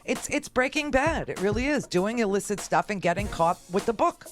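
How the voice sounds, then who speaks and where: A woman's voice: medium pitch, expressive, normal speed, faint music behind. A woman talk radio host giving a sarcastic, ranting political monologue.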